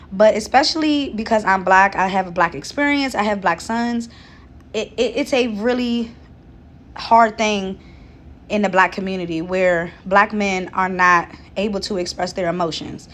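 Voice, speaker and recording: A pregnant woman in her thirties telling a personal story in a casual vlog, earnest and talkative, with many fillers and restarts. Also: medium pitch. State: seven months pregnant. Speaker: vlogger.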